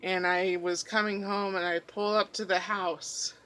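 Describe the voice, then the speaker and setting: A drowsy mother talking in her sleep and making insistent demands, as a woman quotes her. The voice is bright and forceful and stays slow and dreamy. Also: medium pitch, little pitch movement, low-quality recording.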